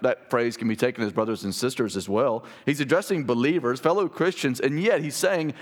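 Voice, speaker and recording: A man in his thirties giving a conversational sermon as pastor, emphatic and animated with joking asides. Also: medium pitch.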